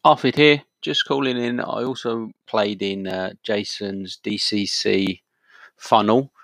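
A man's voice: lowish voice, fairly even intonation, slow, a bit bright, no echo. A man calling in to a casual chat, speaking hesitantly with many fillers and restarts. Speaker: caller.

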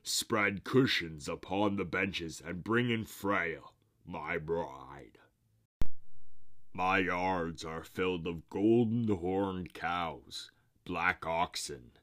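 A man reading a storybook and voicing a boastful, greedy male frost giant who gloats slowly over what he owns. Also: deep voice, fairly bright tone, dry recording, clean studio sound, heavily acted.

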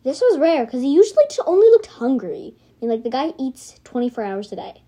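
A woman with a fairly high voice reads her homemade story aloud as its narrator. She rambles into little asides and keeps correcting herself as she goes. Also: sing-song, a little fast, dark tone.

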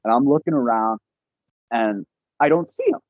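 A young man, a podcast guest, telling a casual story in an animated, profane way and laughing often. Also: medium pitch, moderate pace, dry recording. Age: young adult. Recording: dull, lo-fi podcast audio.

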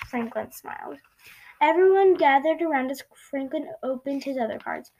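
A woman reading a children's storybook aloud in an expressive way, with small slips. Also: sits high, normal speed, lo-fi sound. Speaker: storybook reader.

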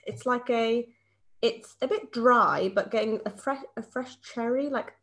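Woman, about thirty, podcast co-host, chatty and animated telling stories. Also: on the high side, measured pace. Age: around 30. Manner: chatty storyteller, animated when telling anecdotes. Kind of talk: casual chat.

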